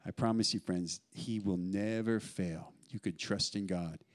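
Earnest male pastor preaching softly. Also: sits low, unhurried. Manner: earnest, pleading, with soft laughs. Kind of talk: sermon.

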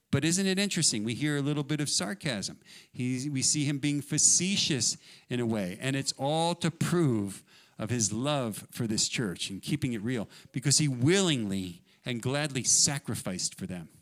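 A male pastor giving a sermon, reading scripture loudly and with emphasis, then explaining it in a casual, joking way with quieter asides. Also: medium pitch.

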